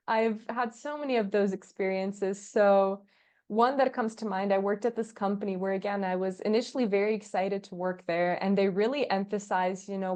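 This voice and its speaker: A woman's voice: medium pitch, normal speed, a little mellow. A woman guest on a podcast, chatting casually and acting out quoted dialogue as she tells stories, laughing often. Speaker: podcast guest, agency founder. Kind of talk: casual interview chat.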